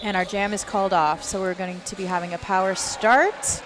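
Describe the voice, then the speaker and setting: A woman announcing a roller derby bout live, briskly calling penalties, lead jammers and the player lineup. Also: mid-range voice, steady tone. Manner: brisk, reels off player numbers and names. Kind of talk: live play-by-play commentary. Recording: noisy venue background.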